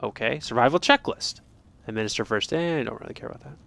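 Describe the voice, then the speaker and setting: A man's voice: medium pitch, animated, fast talker, vocal fry, fairly bright tone. A man giving jokey let's play commentary, reading game text aloud and swinging from mutters to sudden yelps. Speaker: gaming streamer.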